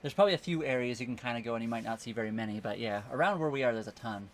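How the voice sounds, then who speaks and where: A man's voice: mid-range voice, rapid-fire, slight background noise. A man from Canada co-hosting a casual live stream from a small sailboat docked in a marina, chatting easily and thanking viewers by name. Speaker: livestream co-host. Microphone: phone camera.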